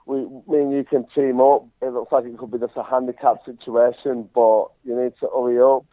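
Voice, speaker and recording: A wrestler calling into a radio show, chatting and trading cheeky trash talk. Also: male voice, medium pitch, little pitch movement, a little fast, no room sound. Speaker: wrestler guest. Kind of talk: phone-in radio chat. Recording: phone line.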